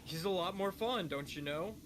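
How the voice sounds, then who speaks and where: A man's voice: high-pitched, moderate pace. A young man chatting casually while gaming, telling stories with wry, joking complaints. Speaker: co-player, friend of host. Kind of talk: casual chat while playing. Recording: audible background noise.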